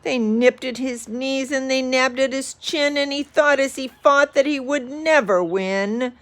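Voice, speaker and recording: A woman reading a rhyming picture book aloud with lively expression. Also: sits high, a little slow. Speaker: storyteller.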